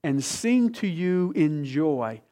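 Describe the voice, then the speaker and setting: A man's voice: a little high, big pitch swings. Passionate male pastor preaching a sermon. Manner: passionate, swings from loud emphatic bursts to hushed, slow intimate reading.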